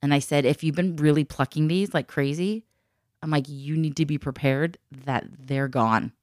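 A woman's voice: low-pitched, normal speed, darkish tone, no echo, studio quality. A woman in casual chat who tells stories at length, laughs often and acts out the people she quotes.

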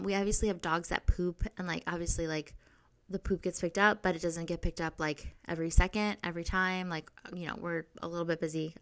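A woman's voice: medium pitch, sharp tone. A young adult woman hosting a podcast, telling a story in a casual, rambling way, full of filler words and frequent swearing. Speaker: podcast host.

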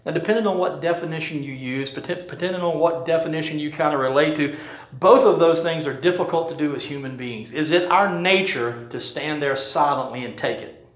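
Conversational preacher, roomy echo. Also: male voice, fairly high pitch, brisk. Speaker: pastor. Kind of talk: sermon.

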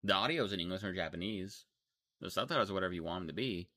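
A man's voice: sits low, expressive, quick pace, bright, forceful tone, no room sound. A young man from Texas with a Texan accent, hosting a casual podcast chat about anime and rambling through restarts and fillers. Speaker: podcast host.

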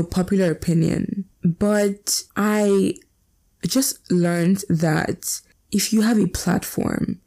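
Blunt, swearing teenage girl with gravelly voice. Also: fairly low pitch, mellow. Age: teens. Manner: blunt, profane, ranting. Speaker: vlogger. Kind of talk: casual opinion rant, reacting to statements.

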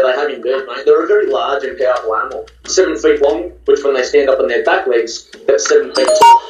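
An Australian man talking over a video call, relaxed with dry humour, sounding distant and roomy. The audio is dull and lo-fi, with faint music behind. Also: medium pitch, a little hiss or hum. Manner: laid-back, dry humour, says mate often. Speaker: guest, TV host on video call.

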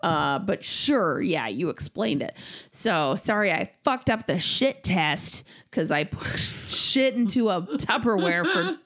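A woman in her thirties tells stories in a casual, chatty way, swearing freely as she goes. Her pitch sits in the middle but swings a great deal from phrase to phrase. She sounds like a co-host riffing with a friend. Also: takes it slowly. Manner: animated storytelling, frequent swearing. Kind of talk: casual chat.

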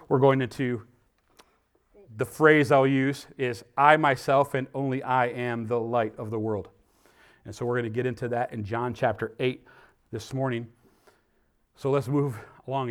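A pastor giving a conversational sermon, often pausing on fillers and growing emphatic when he quotes scripture. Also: medium pitch, darkish tone. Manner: conversational, rambling with fillers and restarts.

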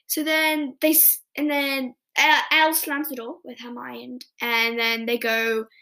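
A woman hosts a podcast, recapping scenes in a loose, chatty ramble full of restarts and self-corrections. Her voice sits high. She talks casually, as if chatting with friends. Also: little pitch movement, a little slow, bright, forceful tone. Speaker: podcast host.

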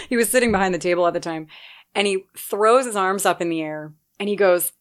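A woman from Nebraska telling a personal story in a casual way, excitable, swearing freely and laughing as she goes. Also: medium pitch, moderate pace. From Nebraska, USA.

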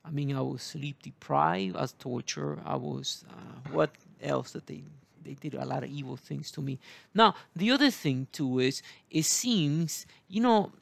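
A man, preaching in a rambling, halting way full of fillers and asides. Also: on the high side, gravelly, a bit bright, no echo. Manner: digressive, halting, many fillers. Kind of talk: rambling Bible teaching.

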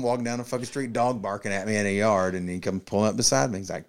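Speaking fast with hardly any pauses, a man co-hosting a podcast tells meandering, foul-mouthed stories and performs the quotes. His voice is on the low side with a steady tone.

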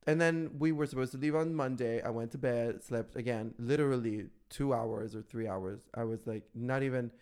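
A man with a voice of middling pitch co-hosts a podcast. He talks casually and tells stories with campy flair, animated and quick to laugh. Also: clean tone. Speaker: podcast co-host. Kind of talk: casual chat.

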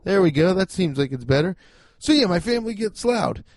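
A young man hosting a casual solo podcast, talking loudly and emphatically, swearing and poking fun at himself. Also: high voice, lively intonation, a little fast, no room sound, clean studio sound. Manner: loud, emphatic, swearing, self-mocking. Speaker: podcast host. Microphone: home podcast mic.

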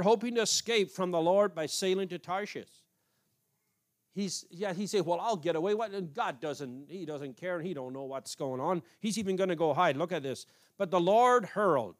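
A man from an Amish background preaching, reading scripture aloud and commenting in a halting, repetitive way. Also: high-pitched. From Amish community. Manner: halting, repeats words while reading aloud. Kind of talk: informal sermon reading scripture.

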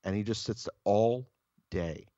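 A man's voice: fairly low pitch, takes it slowly, dark tone, no echo, muffled recording. A man co-hosting a podcast, telling casual stories in a blunt, profane, joking way. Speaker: podcast co-host. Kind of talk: casual storytelling chat.

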